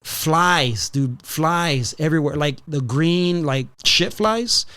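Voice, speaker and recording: A man hosting a podcast, telling a story in a casual, profane, animated way and slipping in Spanish phrases. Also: on the high side, slow, smooth. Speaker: podcast host.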